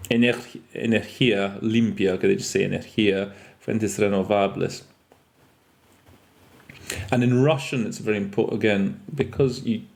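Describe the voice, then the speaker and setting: A man's voice: fairly low pitch, vocal fry, a little mellow. Chatty man teaching interpreting vocabulary. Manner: chatty, self-correcting, mixes in French and Russian terms. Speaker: interpreter trainer. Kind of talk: podcast lesson on interpreting vocabulary. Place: lives in France.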